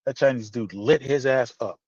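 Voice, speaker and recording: A man telling a story in casual podcast chat, animated and profane, acting out the dialogue. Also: medium pitch, moderate pace, dry recording. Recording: dull, slightly lo-fi dry sound.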